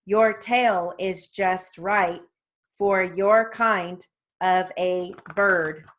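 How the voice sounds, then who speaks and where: A woman reading the lines of a stern male bird doctor in slow, even dictation. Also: on the low side. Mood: scolding.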